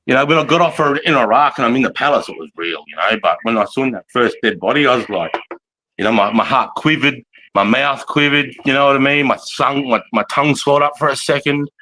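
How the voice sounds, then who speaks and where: A man's voice: mid-range voice, fast, sharp tone. A man in his forties with an Australian accent, an army veteran telling war stories in a casual, rambling, heavily profane way and laughing often. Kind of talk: casual storytelling chat.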